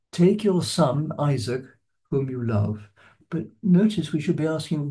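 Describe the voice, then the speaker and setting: A man giving an unscripted lecture on a Bible passage, in a measured, explanatory way that stresses key words. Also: mid-range voice, warm tone. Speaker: lecturer on scripture.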